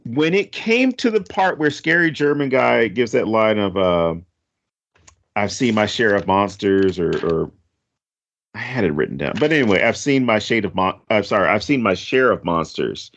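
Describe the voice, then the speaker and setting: A man's voice: lowish voice, normal speed, lo-fi sound. Rambling, jokey man on a podcast. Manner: rambling, jokey, animated asides. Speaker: podcast co-host. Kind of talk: casual movie discussion.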